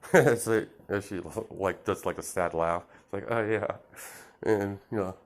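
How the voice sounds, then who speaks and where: A man with a low voice and measured pace tells an improvised story casually. He rambles, fills it with fillers and restarts, and laughs at himself.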